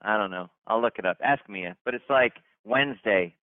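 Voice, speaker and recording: A man hosting a company conference call, hyped and chatty, repeating himself and restarting sentences as he gives shout-outs. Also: on the low side, moderate pace, dry recording. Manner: hyped, repetitive, stumbling restarts. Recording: tinny dry phone line.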